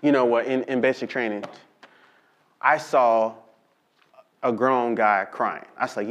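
A man preaching a sermon, reading scripture slowly and telling lively stories with call-and-response. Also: mid-range voice, muffled recording. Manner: animated storytelling with call-and-response to the congregation; slow, drawn-out emphasis on scripture. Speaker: pastor.

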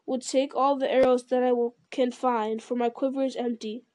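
A woman voicing a calm male elf archer, speaking in a measured, sorrowful way. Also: high voice, no echo, natural voice.

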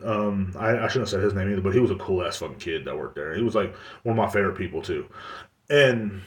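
A man hosting a podcast, telling a long story in a casual, rambling, profane way. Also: medium pitch. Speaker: podcast host. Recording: roomy, distant mic.

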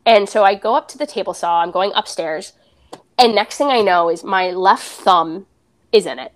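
A woman's voice: mid-range voice, normal speed. A young adult woman, a podcast guest, candidly retelling a personal story and acting out the dialogue.

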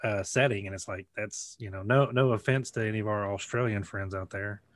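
A man's voice: fairly low pitch, steady tone, brisk, no echo, clean studio sound. A man co-hosting a casual movie podcast, agreeable and laughing often. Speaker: podcast co-host.

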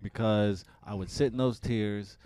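A man from Tacoma, Washington, co-hosting a casual podcast chat, animated and swearing freely as he talks over the others. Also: on the low side, unhurried, smooth. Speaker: podcast co-host.

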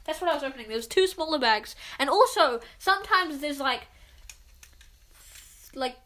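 A woman's voice: sits high, expressive, normal speed, pushed and bright, a little hiss or hum. A woman rambling in casual chat with lots of "like" fillers while building a set with a friend.

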